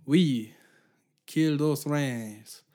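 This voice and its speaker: A man's voice: fairly high pitch, mellow, voice pushed up. A man putting on sneering snobbish French voices. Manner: scornful, drawn-out sneer. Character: sneering snobbish French people mocking Quebec.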